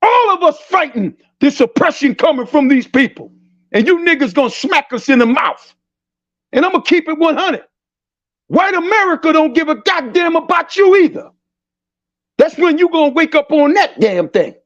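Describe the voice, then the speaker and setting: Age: adult. Sex: man. Style: impassioned, profane talk-show rant. Pitch: very high. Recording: dull lo-fi. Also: expressive, moderate pace, a bit bright. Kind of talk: heated talk-show debate. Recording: dull lo-fi sound.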